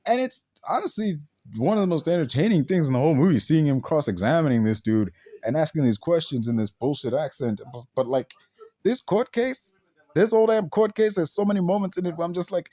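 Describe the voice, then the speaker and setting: A man's voice: on the high side, big pitch swings, brisk, dark tone, no echo. Exasperated swearing man, dry sound. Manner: exasperated, heavy swearing, rhetorical questions. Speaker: film reviewer. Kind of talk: profane ranting movie review.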